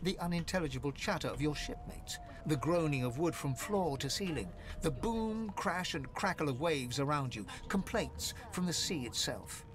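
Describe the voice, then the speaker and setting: A man giving measured, scripted narration in a video game. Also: a little high, lively intonation, close to an everyday voice. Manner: measured, descriptive.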